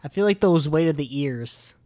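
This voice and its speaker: A man's voice: fairly high pitch, animated, moderate pace, mellow, dry recording. Joking, laid-back podcast co-host man. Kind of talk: casual podcast chat.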